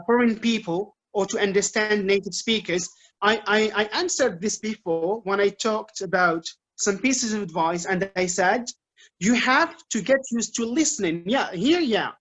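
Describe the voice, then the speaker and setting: A man with an Algerian accent giving an informal English lesson, explaining points in a lively way with frequent fillers. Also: sits high, unhurried. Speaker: English teacher giving a talk. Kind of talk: informal lecture to students.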